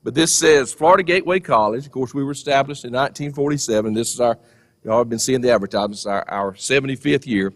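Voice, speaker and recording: A man's voice: medium pitch, fast talker, a bit bright. A man hosting a college ceremony, introducing the speaker in a genial, joking way. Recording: long hall reverb.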